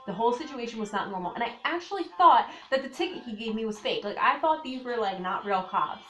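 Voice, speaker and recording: A woman's voice: fairly high pitch, expressive, fast talker, sharp tone. Young woman, casual storytime vlogger, breathless filler-heavy delivery, echoey room, faint music bed. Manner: breathless, frequent "like" fillers, emphatic disbelief. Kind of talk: storytime vlog, casual retelling.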